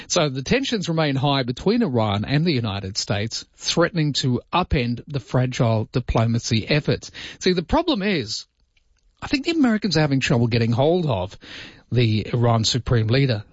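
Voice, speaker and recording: A male show host talking on his own in a wry, chatty monologue that wanders off into asides. His voice sits at a middle pitch. The recording is dry, with no room sound, and slightly dull and lo-fi. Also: dry recording. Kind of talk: solo talk-show monologue.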